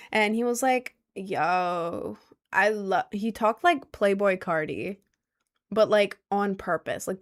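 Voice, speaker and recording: Chatty teen girl with vocal fry. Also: mid-range voice. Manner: chatty, many "like" fillers, laughs at herself. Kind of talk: casual rambling chat to viewers. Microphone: headphones with a mic.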